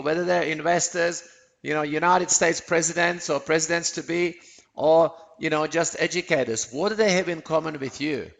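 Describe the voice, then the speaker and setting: A man's voice: fairly high pitch, gravelly, fairly bright tone. A man presenting a sales webinar, upbeat and persuasive, often asking his listeners rhetorical questions.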